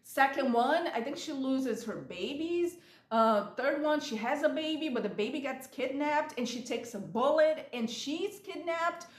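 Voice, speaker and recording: A woman's voice: high-pitched, lively intonation, unhurried, echoey room. A woman vlogging in a chatty, rambling way, retelling movie scenes with animation. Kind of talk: casual chat. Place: lives in San Diego.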